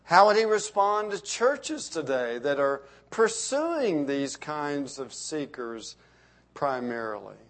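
Emphatic preaching man, fairly high voice. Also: big pitch swings, slow. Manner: emphatic preaching with rising emphasis and soft trailing endings. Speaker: pastor. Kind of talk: sermon.

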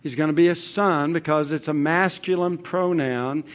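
A man with a fairly high-pitched voice preaches an expository sermon on the Bible. He's measured yet emphatic, leaning on rhetorical questions and repetition.

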